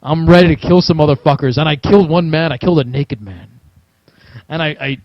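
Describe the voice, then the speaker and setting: A man with a fairly high voice tells a rambling gaming story to friends, swearing freely and acting out his own reactions. The sound is dry and somewhat dull, like a cheap home recording. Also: brisk, dry recording. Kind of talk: casual storytelling chat.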